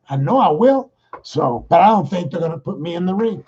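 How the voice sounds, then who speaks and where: A man's voice: sits high, animated, dark tone, slightly rough, lo-fi sound. A man hosting his own podcast, talking in a rambling, exasperated political monologue. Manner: rambling, exasperated, talks fast. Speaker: podcast host.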